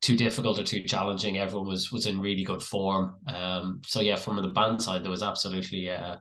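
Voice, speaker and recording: Fast-talking man with a low voice. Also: little pitch movement, fairly bright tone. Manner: rapid, with repeated restarts. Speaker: festival promoter and podcast co-host. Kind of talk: casual podcast chat.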